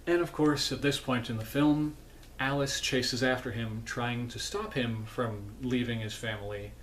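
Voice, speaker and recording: Male vlogger, mid-pitched voice, sleepy, rambling recap, faint hiss behind. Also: a bit bright. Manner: rambling, self-correcting, chatty asides. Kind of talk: casual film recap. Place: home.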